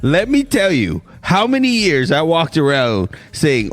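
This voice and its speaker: A man's voice: fairly high pitch, wildly swooping pitch, measured pace. A man co-hosting a podcast, telling a story to friends in casual chat, laughing as he goes. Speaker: podcast co-host.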